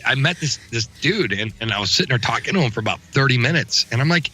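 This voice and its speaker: Man, gravelly, sharp and forceful tone, rowdy jokey podcast guest, casual chat. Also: mid-range voice, animated, fast talker, low-quality recording. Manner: rowdy, jokey, swears freely.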